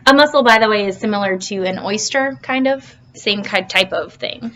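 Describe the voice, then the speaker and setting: A woman's voice: mid-range voice, moderate pace, few pauses, a bit bright. A woman teacher reading a storybook to her class over video, playful and full of questions for the kids.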